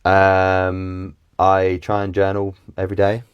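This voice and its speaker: A man who is a guest on a podcast, talking in an easygoing, relaxed way and often laughing. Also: low-pitched, slow, smooth, no room sound, dull audio. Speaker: podcast guest, actor and coach. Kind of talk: casual conversational interview.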